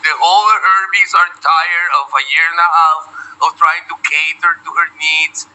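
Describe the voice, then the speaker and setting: A man's voice: fairly high pitch, level tone, normal speed, bright, forceful tone, low-quality recording. A man co-hosting a streaming show, talking in rambling, profane casual chat with many repeated starts. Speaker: streamer co-host.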